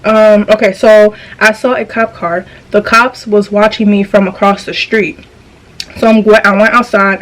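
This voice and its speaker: A woman's voice: medium pitch, fairly even intonation, a little slow, poor audio. A young woman vlogger telling a dream story in a casual, slangy, profane way, often restarting her sentences.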